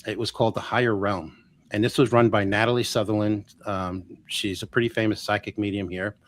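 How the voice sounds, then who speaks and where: Man telling a lively personal story. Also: on the low side, brisk. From Florida. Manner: animated, acts out quoted voices, restarts often. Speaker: guest healer. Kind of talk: casual storytelling interview.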